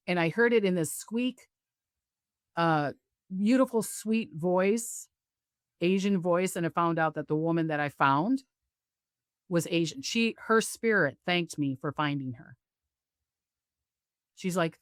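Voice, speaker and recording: A woman guest, a psychic medium, telling stories on a video call and acting out the voices of others with big jumps in pitch. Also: a little slow, pauses often, no room sound, clean studio sound. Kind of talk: animated storytelling interview.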